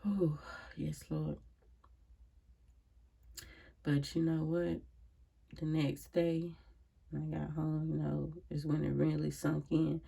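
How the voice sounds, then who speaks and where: A grieving, emotionally drained woman vlogs from home in a casual personal monologue, her voice deeply gravelly, husky and dark with little pitch movement. She speaks slowly with long pauses, reflective and worn out, often sighing and calling out prayerful exclamations between thoughts.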